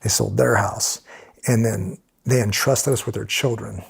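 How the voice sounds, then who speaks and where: Gravelly middle-aged man, husky tone, conversational storytelling, slips into other people's voices. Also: lowish voice, a little slow. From United States. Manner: animated storyteller who acts out quoted voices. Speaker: podcast guest.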